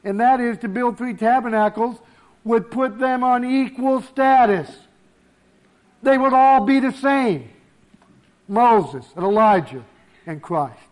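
High-voiced male preacher, emphatic. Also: a little mellow. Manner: emphatic, slowing on key words. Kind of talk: sermon.

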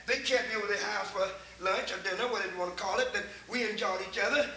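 Older Texan preacher, high and bright, folksy, echoey church. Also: male voice, fast, a little hiss or hum. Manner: folksy storytelling, repeats words, builds to shouts. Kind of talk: folksy sermon.

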